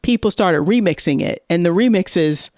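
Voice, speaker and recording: A woman hosting a podcast, telling a story in casual chat and acting out quotes in a higher voice. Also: expressive, normal speed, a little mellow, no echo, studio quality. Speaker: podcast host.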